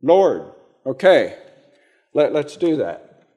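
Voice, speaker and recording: A man preaching slowly in a mellow, warm voice. His pitch rises and falls a lot as he pauses, repeats words and puts questions to the congregation. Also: very animated. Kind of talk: interactive sermon.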